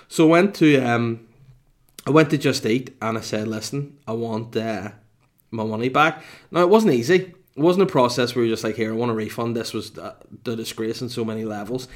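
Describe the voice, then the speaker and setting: A man telling a casual, profane, exasperated comic story as a vlogger. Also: mid-range voice. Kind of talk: casual ranting anecdote.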